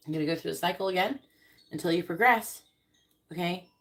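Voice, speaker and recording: A woman doing a casual live tarot reading, reading card meanings aloud and speaking bluntly, with swearing and quick comic voices. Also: lowish voice, creaky. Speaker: tarot reader on a live stream.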